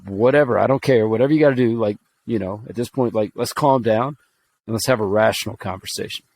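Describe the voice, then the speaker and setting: A man's voice: fairly low pitch, fast, darkish tone, poor audio. Earnest, reflective man in casual chat. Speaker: podcast co-host.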